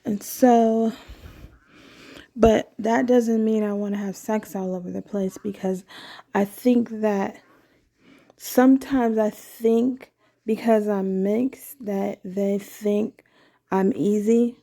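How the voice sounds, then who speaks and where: A woman's voice: medium pitch, steady tone, slow, vocal fry, mellow. A woman talking in a casual, meandering personal monologue, candid and often correcting herself mid-sentence.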